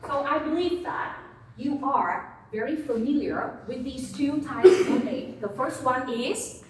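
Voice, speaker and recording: A woman's voice: high-pitched, a little slow, far from the mic, slight background noise. Woman teaching in an echoey classroom. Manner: patient, prompting students and repeating words. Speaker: English teacher.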